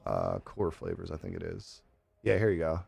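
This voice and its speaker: A man's voice: low-pitched, very animated, normal speed, gravelly, a little mellow, breathy edge, no room sound, faint music behind. Laid-back young man livestreaming, swears a lot. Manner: laid-back, profane, laughs often. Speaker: live streamer. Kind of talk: casual chat reading viewer comments.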